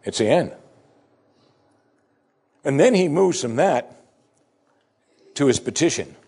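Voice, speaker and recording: A man preaching a sermon, reading scripture with rising emphasis and dropping low and soft to reflect on it. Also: expressive, slow, vocal fry, husky. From United States. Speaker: pastor.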